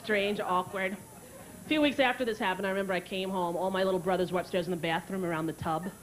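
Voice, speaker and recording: A woman doing stand-up comedy, telling stories in a wry, deadpan way. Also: medium pitch, quick pace, poor audio. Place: comedy club stage. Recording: comedy club with loud crowd laughter.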